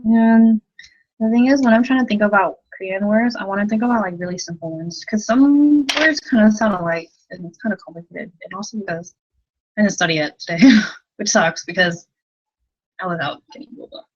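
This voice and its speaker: A woman's voice: mid-range voice, brisk, dull audio. A young woman teaching a casual livestream lesson from her bedroom at night, rambling, giggly and self-deprecating, with lots of "like.". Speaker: language tutor.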